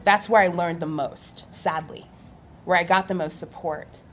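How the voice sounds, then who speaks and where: Young woman talking on a panel, animated, laughs a lot, a bit of background noise. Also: on the low side, measured pace. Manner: animated storytelling, laughing often. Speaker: physical therapist on a panel. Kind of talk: live panel talk.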